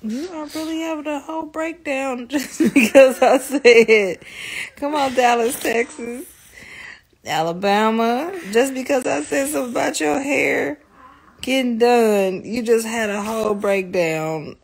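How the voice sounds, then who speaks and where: A woman's voice: high-pitched, unhurried, vocal fry. A woman, a mother chatting casually with her young son in a family vlog, laughing often and teasing him. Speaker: mother and vlogger.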